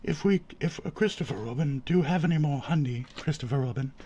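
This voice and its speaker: A man voicing a gentle, slow-witted bear who loves honey, speaking in a hushed, mild way. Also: fairly high pitch, lo-fi sound, slight background noise, close to an everyday voice. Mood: dopey.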